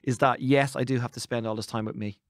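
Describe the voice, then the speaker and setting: An Irish man hosting a podcast, talking in a quick, jokey, rambling way. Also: mid-range voice, fairly even intonation, dry recording, studio quality. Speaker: podcast host. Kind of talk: casual chat.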